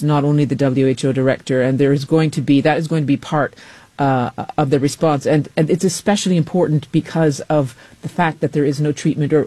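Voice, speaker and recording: Woman correspondent, live news explainer, warm low-brightness tone, dry close sound, careful and searching. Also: no room sound. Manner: measured, with frequent ums and self-corrections. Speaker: foreign correspondent.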